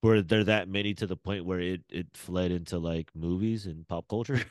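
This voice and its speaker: A man's voice: low voice, moderate pace, dry recording. A man, rambling and laughing in a casual podcast chat. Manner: rambling, animated, laughs often. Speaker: podcast host.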